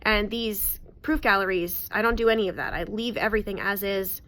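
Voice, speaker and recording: A woman's voice: mid-range voice, fairly even intonation, fairly quick, a bit bright. A woman in her thirties, a newborn photographer, telling a client story to the camera in a chatty, emphatic way. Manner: chatty, emphatic, repeats words for stress.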